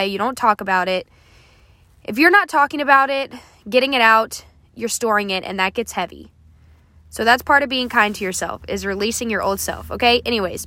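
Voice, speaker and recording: A woman's voice: a little high, pushed and bright, no room sound. A woman hosting a motivational podcast, talking straight to her listeners in an encouraging, coaxing way and checking in with "okay?" as she goes. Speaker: podcast host.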